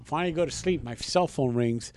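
A man's voice: fairly high pitch, brisk, background noise. A man telling a profane story in casual podcast chat, acting out the people in it. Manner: profane, animated retelling with quoted dialogue. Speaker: podcast co-host.

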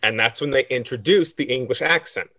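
American man, podcast co-host, explains history loosely, mid-pitched, dry close sound. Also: fairly quick, pushed and bright, no echo. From United States. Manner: lecturing with fillers and restarts. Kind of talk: casual chat.

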